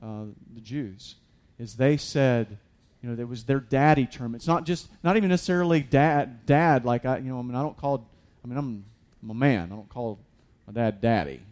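A man's voice: mid-range voice, normal speed, hardly any pauses, a little mellow. A man preaching a sermon as a pastor, conversational with many fillers and restarts, building to emphatic peaks.

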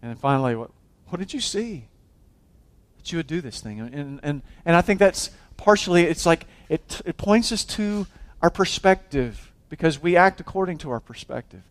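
A man preaching a sermon as a pastor, swinging from loud exhortation to hushed intensity, often restarting and repeating his words. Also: a little high, animated, normal speed, hardly any pauses.

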